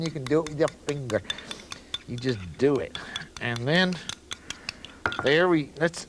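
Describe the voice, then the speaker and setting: Casual male TV cook, animated rising and falling voice, folksy asides, audible background noise. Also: mid-range voice, unhurried, pauses often, low-quality recording. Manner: chatty and rambling, with folksy asides. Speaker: cooking show host. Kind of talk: casual cooking demonstration. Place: TV studio kitchen.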